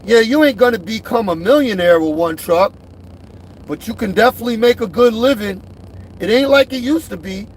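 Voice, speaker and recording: A middle-aged man talking straight to camera about himself, emphatic and repetitive, swinging from loud to soft. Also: sits high, animated, a little fast, a little hiss or hum. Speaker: truck driver vlogger. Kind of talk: direct-to-camera rant.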